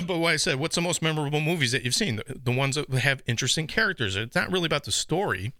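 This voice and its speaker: A man's voice: a little high, expressive, fast talker, sharp tone, no echo, clean studio sound. A man from the American Midwest with a Chicago accent, co-hosting a casual movie review podcast and rambling with repeated words. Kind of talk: casual chat.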